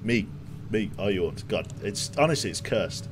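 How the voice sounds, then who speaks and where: Lively low-voiced male game streamer. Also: a little slow, noisy background. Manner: chatty, joking, talks to chat while playing. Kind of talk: casual gameplay commentary.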